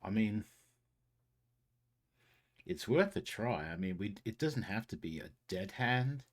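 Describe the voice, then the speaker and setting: A man playing a tabletop game, thinking out loud in a wry, musing way. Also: fairly low pitch, animated, slow pace. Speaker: player.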